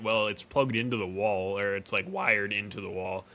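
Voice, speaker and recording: A man's voice: on the low side, fairly even intonation, a little fast, bright, forceful tone, smooth. A man casually recapping an episode as a podcast co-host, with fillers and self-corrections. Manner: acts out character lines while recapping. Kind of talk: casual review chat.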